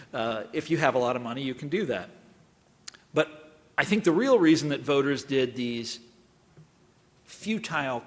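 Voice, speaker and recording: Middle-aged guy from kansas giving a talk, wry and chatty, mid pitch, big hall reverb trailing off. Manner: wry, conversational and digressive. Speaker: guest lecturer. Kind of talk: university public lecture. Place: large lecture hall. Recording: long reverb of a lecture hall.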